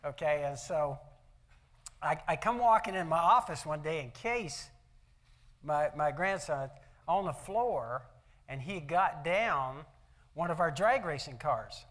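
An older man speaks to an audience at an event, his voice sitting a little high for a man. His delivery is folksy and conversational, full of homespun stories. He keeps checking in with the crowd through rhetorical questions. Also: lively intonation, slow, fairly bright tone. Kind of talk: motivational talk with personal stories. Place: event hall.

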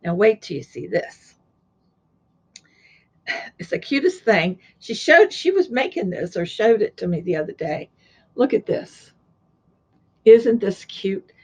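An older Florida woman chats casually on her crafting vlog, gushing over gifts and showing off things she has sewn and crocheted. Her mid-range voice is slightly rough and very animated, and she speaks at a measured pace with frequent pauses.

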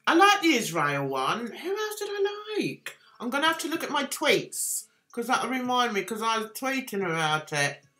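Soft music plays behind this livestream host, whose fairly high voice is bright, forceful, and sing-song at a moderate pace. She chats and rambles with viewers, makes fun of herself, and reads out chat messages.

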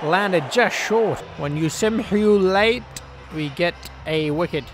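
A man giving casual, joking commentary over his own video game play, yelling at the players on screen. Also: sits high, slow pace, background noise. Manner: excitable, jokey, scolds the game's players aloud. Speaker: gaming channel host.

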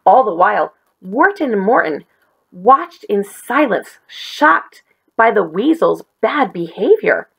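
Gravelly-voiced woman reading a story. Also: mid-range voice, slow pace, rough recording. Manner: gentle, expressive storytelling. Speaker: teacher reading aloud. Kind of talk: children's read-aloud.

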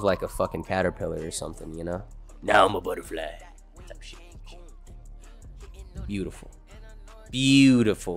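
A man's voice: fairly low pitch, vocal fry. A young man livestreaming, chatting casually with his viewers in a laid-back, rambling way and swearing a lot. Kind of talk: casual stream chat, answering chat.

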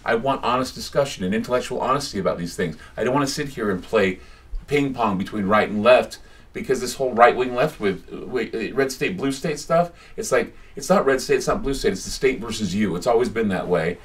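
A man's voice: mid-range voice, lively intonation, brisk, far from the mic. A radio host from the United States giving a casual talk in a small bookstore, a chatty and rambling storyteller who often restarts his sentences. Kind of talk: casual public talk with anecdotes.

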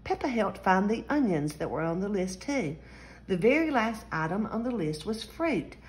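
A woman hosting a story-time channel, reading a children's picture book aloud in an animated, expressive way. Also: mid-range voice, moderate pace. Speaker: storyteller host.

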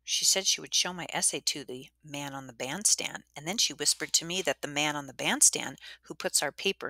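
A woman narrating a storybook in the first person, gentle and measured, whispering the soft sound words. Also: sits low, dry recording. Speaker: audiobook narrator.

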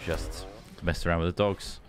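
A man's voice: low voice, fairly even intonation, normal speed, background noise. A man co-hosting a gaming stream, laid-back and agreeable in casual chat. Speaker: gaming channel co-host. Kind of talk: casual chat over gameplay.

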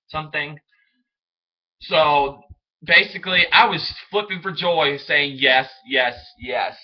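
A young man chatting casually as a fan vlogger, rambling and excitable, often stumbling over his words. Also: mid-range voice. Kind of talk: casual solo commentary. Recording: dull lo-fi home recording.

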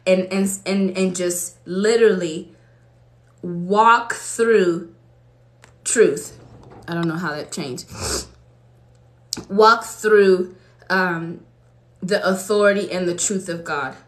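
A woman's voice: lowish voice, steady tone, slow pace, long pauses. A woman preacher from Los Angeles giving a fervent, conversational testimony sermon to her congregation in a church. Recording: echoey room.

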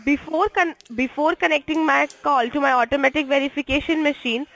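A woman on a phone call reading a scripted offer, fast and repetitive, insisting the caller agree. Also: high-pitched, fairly even intonation, fairly bright tone. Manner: reads a script fast, repeats lines insistently. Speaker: phone scammer. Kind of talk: scripted phone sales pitch.

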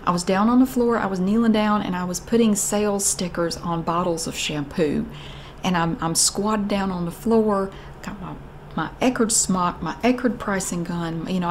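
A woman's voice: medium pitch, slight background noise. A middle-aged woman telling a wry, exasperated story about an old job in a casual, chatty way. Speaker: vlogger.

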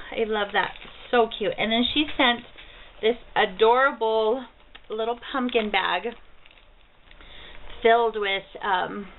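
Slow-talking thirtysomething woman gushing over mail at home, tinny lo-fi camera sound. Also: mid-range voice. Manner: gushing, bubbly, easily delighted. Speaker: vlogger. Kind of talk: casual mail haul vlog. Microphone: built-in camera mic. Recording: tinny lo-fi camera audio with faint hiss.

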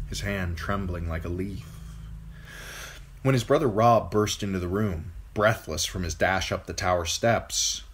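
Male amateur novel reader: low, husky voice, animated and dramatic storytelling. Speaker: hobby audiobook reader. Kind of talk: amateur fantasy novel reading.

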